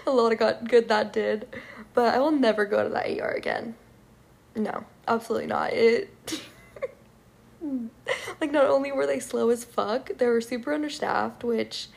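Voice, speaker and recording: A woman's voice: a little high, vocal fry. A young woman telling a frustrated, profane storytime rant to her viewers, full of "like" and swearing. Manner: frustrated, profane, filler-heavy with many "like"s. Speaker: vlogger.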